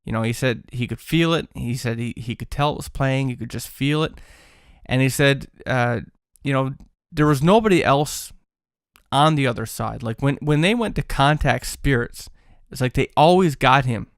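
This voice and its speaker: A man's voice: medium pitch, moderate pace, smooth, no room sound, studio quality. A man telling a paranormal story in a casual, rambling way, full of fillers and restarts.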